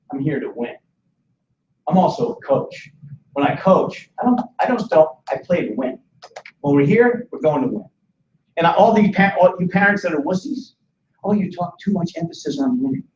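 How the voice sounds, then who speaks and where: A man in his sixties giving a joking, animated financial sales seminar, firing questions at a small audience. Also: sits high, a little hiss or hum. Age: 60s. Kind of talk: lively sales seminar talk. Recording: echoey dull room sound from far off.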